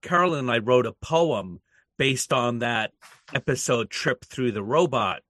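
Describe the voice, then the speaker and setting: An older podcast co-host talks in a relaxed, easygoing way, pausing often on fillers. His voice sits at a middle pitch and sounds dry and close, with no room around it. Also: no echo. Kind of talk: casual chat.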